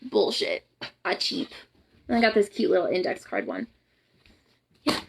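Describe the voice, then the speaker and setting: A woman's voice: medium pitch, wildly swooping pitch, a little slow, vocal fry, a little hiss or hum. A young adult woman with a Southern US accent, a photographer giving a blunt, profane, ranting pep talk on a casual live stream. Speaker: boudoir photographer and empowerment coach.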